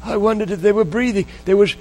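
Male preacher, sermon story, high voice, emotional, repeats phrases for effect. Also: steady tone, fast, a little mellow, soft background music. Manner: emotional, repetitive, dwells on phrases.

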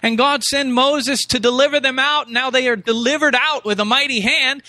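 A man's voice: very high voice, normal speed, few pauses, sharp tone, no echo. A man preaching a sermon, reading scripture aloud and mimicking complaining voices, with emphatic rhetorical questions.

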